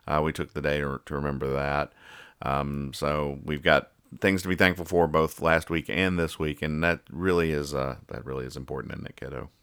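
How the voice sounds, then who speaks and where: Male podcast host, rambling jokey delivery; deep and bright, dry close mic. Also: fairly even intonation, moderate pace, clean tone, no echo. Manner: rambling, jokey, stumbles and restarts. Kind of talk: casual comic-reading chat.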